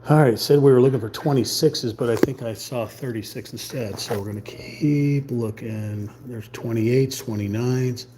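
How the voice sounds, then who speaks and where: Man quietly muttering through a painting session. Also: mid-range voice, normal speed, hardly any pauses, background noise. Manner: mutters quietly to himself, thinking aloud. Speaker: hobby painter streaming live. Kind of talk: casual running commentary while painting.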